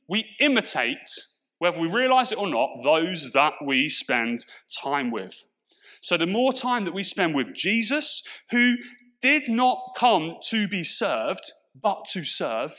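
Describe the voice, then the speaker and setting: A man's voice: sits high, pushed and bright. A man from Portsmouth with an English accent, preaching a sermon with emphatic rhetorical questions. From Portsmouth, England. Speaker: pastor.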